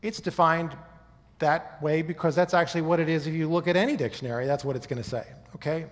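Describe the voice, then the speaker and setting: A man's voice: a little high, steady tone, fast, long reverb tail. A man giving a talk to an audience in a conversational teaching manner, often checking in with his listeners. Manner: conversational lecturer, often checks in with "okay?" and "right?". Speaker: speaker giving a talk on faith and history. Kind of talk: presentation to a live audience.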